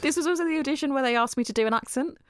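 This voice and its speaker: A woman's voice: high voice, rapid-fire, no echo, clean studio sound. A woman, an actress, chatting casually and telling stories in a candid, sweary way. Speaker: actress and podcast co-host. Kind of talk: casual chat.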